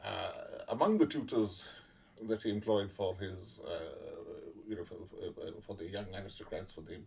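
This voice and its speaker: A man giving casual spoken commentary, blunt and sardonic, swearing freely and pausing often on fillers. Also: low-pitched, creaky, darkish tone, a little hiss or hum. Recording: voice a little far from the mic.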